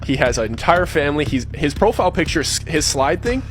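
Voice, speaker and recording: A man's voice: on the high side, brisk. A young man casually telling a story on a podcast, acting out the people he quotes. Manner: animated, acts out quoted dialogue.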